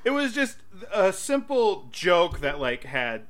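A man's voice: high voice, slow. A man co-hosting a podcast in casual chat, laughing often and acting out quoted lines. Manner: laughing often, quoting lines in animated voices. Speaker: podcast co-host. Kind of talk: casual chat about a sitcom episode.

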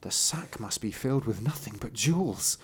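A man's voice: mid-range voice, animated, normal speed, close to an everyday voice. A man doing a sly muttering innkeeper. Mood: scheming. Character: scheming greedy innkeeper, adult man.

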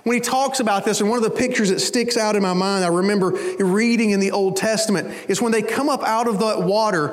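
A man's voice: sits high, steady tone, fast talker, hardly any pauses, long reverb tail. A middle-aged man preaching a sermon, telling folksy stories with conversational asides to his congregation. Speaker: pastor.

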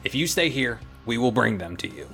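A man's voice: medium pitch, big pitch swings, brisk, gravelly, fairly bright tone, soft background music. Man voicing Chip, a firm protective alien leader.

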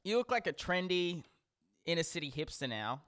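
Bright, animated Australian man. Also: fairly high pitch, moderate pace. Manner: teasing, laughs often. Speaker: podcast co-host. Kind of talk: casual chat.

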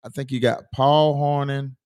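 A man co-hosting a casual sports talk show, telling stories in an animated, emotional drawl. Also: mid-range voice, moderate pace, smooth.

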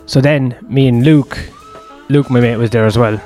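A man's voice: mid-range voice, fairly even intonation, moderate pace, mellow, soft background music. A man, telling a long personal story in a rambling, profane, self-deprecating way. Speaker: host.

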